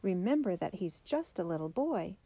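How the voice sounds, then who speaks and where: A woman reading as a gentle, pleading mother. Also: fairly low pitch, sing-song, moderate pace, no echo. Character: worried, tender young mother.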